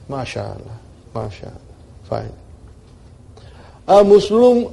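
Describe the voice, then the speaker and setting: Raised-pitch man teaching grammar. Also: expressive, a little slow, mellow. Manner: checks in often with "are you with me" and "brother"; explains step by step with rhetorical questions. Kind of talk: classroom lecture.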